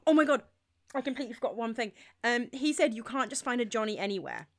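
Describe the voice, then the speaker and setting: A woman's voice: a little high, animated, fast talker, no echo, clean studio sound. A young woman of twenty-one chatting casually on a podcast, giggly and slangy. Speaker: podcast co-host. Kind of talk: casual chat.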